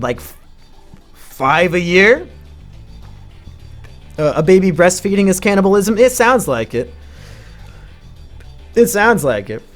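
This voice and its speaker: A man live-streaming with crude, sarcastic commentary, now and then breaking into shouting rants. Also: sits high. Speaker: streamer ranking mental illnesses.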